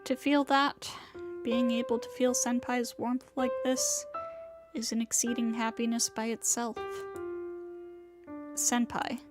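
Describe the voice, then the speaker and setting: A woman streamer reading a visual novel aloud, narrating in a soft, slow, measured way. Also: fairly high pitch, flat delivery, over loud music.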